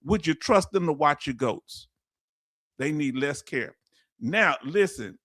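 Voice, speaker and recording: A middle-aged man with a Houston accent, hosting a casual live stream, reading viewer comments aloud in a folksy, animated way and laughing often. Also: on the high side, slow pace, no room sound, studio quality. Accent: Houston, Texas.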